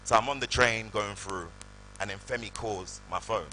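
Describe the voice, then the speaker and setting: A guest actor from the United Kingdom performs animated anecdotes on stage at a live event hall, voicing the people in them for the audience. His pitch is fairly low and his pace normal, and the rough recording has a little hiss or hum.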